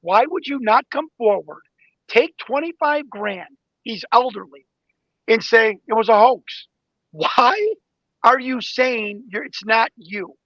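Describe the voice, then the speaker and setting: Male guest investigator with a very high voice, a lively storyteller, dry and slightly muffled sound. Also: slow, no room sound. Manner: excited storyteller, acts out quoted exchanges. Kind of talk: animated interview talk.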